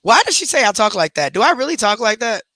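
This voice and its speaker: A woman's voice: fairly high pitch, sing-song, quick pace, sharp tone, a little hiss or hum. A woman hosting a livestream, reacting defensively and with sass to a critic. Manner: defensive, sassy, chatty. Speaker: livestream host.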